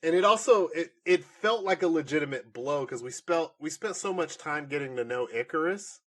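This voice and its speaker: A man co-hosting a podcast, chatting casually through a movie review in a rambling, animated way and laughing often. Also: on the high side, normal speed. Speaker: podcast co-host.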